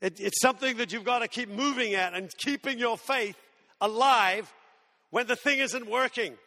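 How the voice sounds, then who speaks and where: A male preacher telling a story in his sermon, animated and self-mocking, acting out the voices of the people in it. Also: extremely high pitch, moderate pace, long reverb tail.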